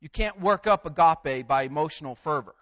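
Male preacher, high voice, deliberate and emphatic sermon delivery, muffled lo-fi sound. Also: expressive, fairly bright tone. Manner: measured, emphatic delivery with pauses on key words.

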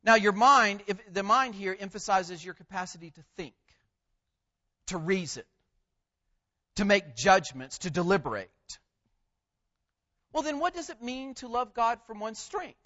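Male preacher, high voice, deliberate and emphatic sermon delivery, muffled lo-fi sound. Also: sing-song, bright, forceful tone. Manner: measured, emphatic delivery with pauses on key words.

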